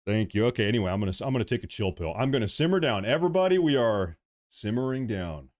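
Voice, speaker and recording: A man's voice: lowish voice, quick pace. A man hosting a livestream, ranting in agitated bursts about the news and thanking viewers. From United States. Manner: agitated ranting, then calming down. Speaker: livestream host. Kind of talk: livestream commentary.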